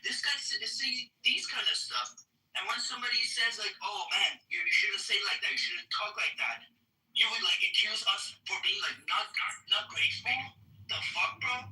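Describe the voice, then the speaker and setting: A man's voice: high-pitched, moderate pace, bright, forceful tone. A man from Iran arguing indignantly in an online audio room. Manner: indignant, pleading, non-native phrasing. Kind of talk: heated argument. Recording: roomy, distant audio-room capture with faint noise.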